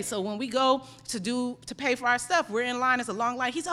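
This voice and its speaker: A woman's voice: on the high side, fairly quick, a bit bright. A middle-aged woman pastor preaching a sermon, telling a story with animation and then pressing her points with emphasis.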